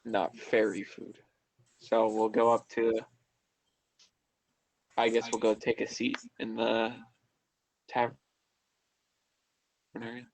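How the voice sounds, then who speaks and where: Gravelly casual male player, mid pitch, dry close mic. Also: completely flat delivery, takes it slowly, pauses often, dry recording, poor audio. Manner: casual, chatty. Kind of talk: tabletop game table talk.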